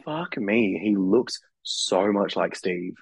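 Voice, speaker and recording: A hoarse, husky man co-hosts a casual podcast, his voice very low and rough from illness. He chats cheekily and swears freely. The sound is close and dry. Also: animated, takes it slowly, no echo, rough recording. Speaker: podcast co-host. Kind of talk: casual chat.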